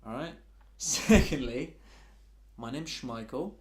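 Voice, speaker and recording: A man voicing a pompous, condescending male demon in a tabletop game, speaking in a high, fussy, overly polite way. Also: slow pace, echoey room, natural voice.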